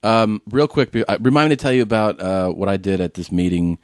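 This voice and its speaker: A man's voice: lowish voice, lively intonation, fairly quick, dry recording, studio quality. A man co-hosting a podcast, telling stories in a rambling, filler-heavy way and reading a sponsor plug. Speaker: podcast co-host. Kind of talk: casual chat.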